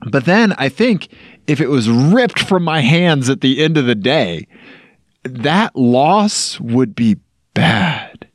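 A man's voice: medium pitch, very animated, slow, dry recording. Rambling, playful man podcast co-host. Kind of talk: casual chat.

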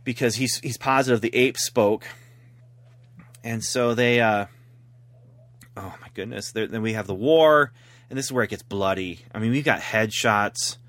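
A man's voice: fairly low pitch, moderate pace, pauses often, a bit bright, dry recording. A man rambling through a story in casual chat as a podcast host, laughing at his own jokes.

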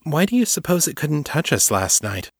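A man's voice: on the high side, big pitch swings, normal speed, husky, dry recording, clean studio sound, pitched above the performer's own voice. A man reading aloud and voicing a shaken, tearful young woman who talks in pleading bursts. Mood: distressed.

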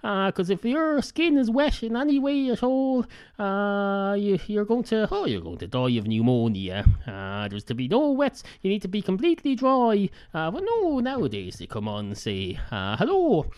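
A hoarse man hosting his podcast alone, rambling in a deadpan way with constant filler sounds. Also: high voice, moderate pace, no echo. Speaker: podcast host. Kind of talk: rambling solo monologue.

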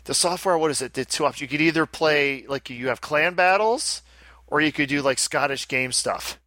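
A man chatting casually as a podcast co-host, his voice bright and forward. He rambles, breaks off and restarts sentences as he talks. The sound is close and dry. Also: on the high side, normal speed, no echo. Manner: rambling, self-interrupting, chatty. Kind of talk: casual chat.

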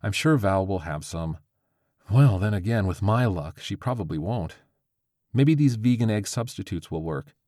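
A man voicing a frustrated young woman witch, with a high, squeaky, exasperated delivery. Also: animated, moderate pace, dark tone, no echo, clean studio sound. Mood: uncertain.

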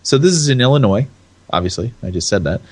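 A man's voice: medium pitch, lively intonation, fast, a little mellow, breathy edge. A young adult man from California co-hosting a casual podcast chat, rambling, restarting his sentences and laughing often. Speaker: podcast co-host.

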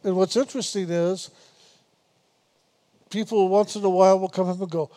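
A man giving a spiritual meditation talk, unhurried and repetitive, gently teasing his listeners and laughing now and then. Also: high voice, fairly even intonation. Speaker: spiritual teacher.

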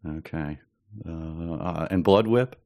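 Low-voiced male co-host, dry close sound, deadpan jokes, hesitant. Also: slow pace, no echo. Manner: dry, joking, hesitant with fillers. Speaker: podcast co-host guessing. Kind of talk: casual chat.

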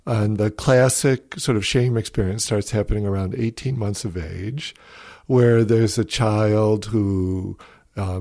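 Low gravelly guy, psychologist on a podcast, calm measured storyteller, dry close sound. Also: dry recording. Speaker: psychologist guest expert. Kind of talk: podcast interview, explaining.

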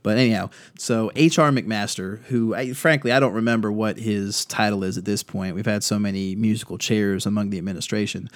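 A man's voice: lowish voice, fairly even intonation, brisk, hardly any pauses. A man hosting a political podcast, giving blunt, profane and indignant commentary, often reading quoted posts aloud. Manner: reads quoted tweets aloud.

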